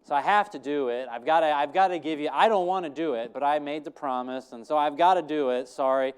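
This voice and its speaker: A man playing Hannah, a grieving mother saying goodbye to her young son, fretful and over-reassuring, his voice climbing high. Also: a little fast, smooth, lightly acted. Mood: sorrowful.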